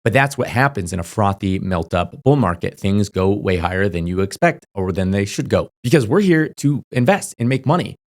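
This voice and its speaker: A young man talking casually to camera, giving crypto advice in a rapid, emphatic way, full of fillers and checking in with "okay?". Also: on the low side, lively intonation. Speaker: crypto YouTuber.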